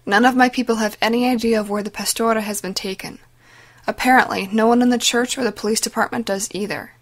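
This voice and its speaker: A woman voicing a nervous male henchman reporting to his boss in a hushed voice. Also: a little high, steady tone, fast talker.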